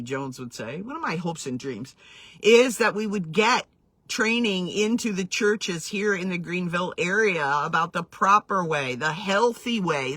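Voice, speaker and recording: Woman storyteller, earnest, reflective, bright slightly breathy tone, laughs between phrases, close dry sound. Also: mid-range voice, no room sound. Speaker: healing coach sharing her story. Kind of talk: personal storytelling, casual and reflective.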